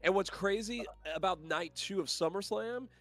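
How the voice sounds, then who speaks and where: Excitable stuffy-nosed male podcast co-host. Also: high voice, normal speed, music in the background. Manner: excitable, animated storytelling. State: stuffy sinuses. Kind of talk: casual chat.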